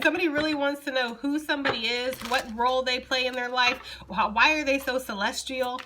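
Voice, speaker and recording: A woman's voice: high-pitched, fairly even intonation, a little fast, few pauses, sharp tone, a little hiss or hum. A young woman giving a casual, chatty tarot reading and talking straight to her viewers. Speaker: tarot reader.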